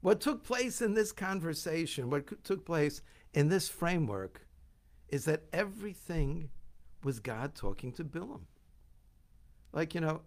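A man delivers a sermon as a lively story, his pitch climbing and dropping all the time. His voice has a gravelly, creaky edge, and he slips into voices for the characters as he goes. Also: a little slow. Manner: animated, acts out voices in the story.

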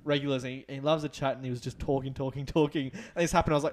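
A man's voice: medium pitch, very fast, a little hiss or hum. A young man, co-hosting a podcast in casual, swearing banter with friends. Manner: swears freely, lively banter. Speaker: podcast co-host. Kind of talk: casual chat.

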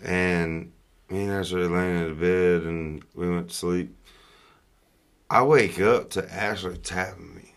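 A man's voice: sits low, steady tone, unhurried, smooth. A Southern US man telling a story in casual chat, rambling and profane, with laughter breaking in.

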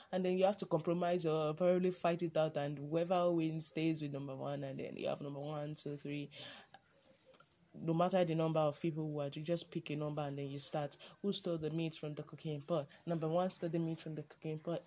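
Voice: medium pitch, flat delivery, brisk, dark tone. A podcast host, chatting casually and rambling through a monologue with many ums and self-corrections.

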